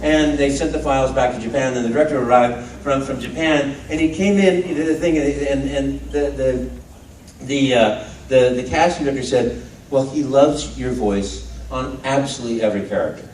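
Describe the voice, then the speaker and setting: A man's voice: mid-range voice, moderate pace, slight background noise. A male voice actor answering audience questions at a convention panel, telling stories playfully and acting out the dialogue. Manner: animated, playful, acts out quoted dialogue. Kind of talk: storytelling Q&A with an audience. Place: large convention hall. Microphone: phone recording from the audience. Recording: echoey hall, distant phone mic.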